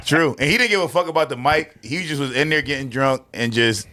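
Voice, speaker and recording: A man's voice: mid-range voice, brisk. A young man from Philadelphia, a guest comedian, telling stories in casual podcast chat, laughing as he goes. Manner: animated, laughing storyteller.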